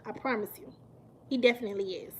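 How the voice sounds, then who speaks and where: High-voiced animated woman. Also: fast talker, noisy background. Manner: animated, emphatic, laughs often, repeats for emphasis. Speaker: mukbang livestream host. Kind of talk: casual live-stream chat with viewers.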